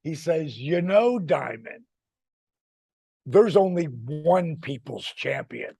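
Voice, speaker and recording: A man's voice: a little high, animated, slow, creaky, mellow, breathy edge, no room sound. A man in his sixties telling a wrestling-road story in a casual chat, acting out the people he quotes and swearing freely. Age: 60s. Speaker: retired wrestler telling stories.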